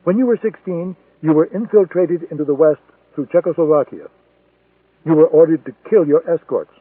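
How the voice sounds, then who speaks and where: A man's voice: a little high, moderate pace, slightly rough, dry recording. A man voicing a defiant male intelligence agent who speaks in a cold, accusing way. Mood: coldly accusing. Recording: tinny phone-like sound, dry.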